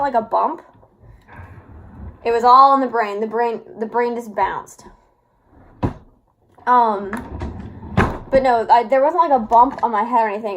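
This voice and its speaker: A young woman telling a personal story in a casual, rambling way, full of fillers and little laughs. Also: on the high side. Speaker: vlogger.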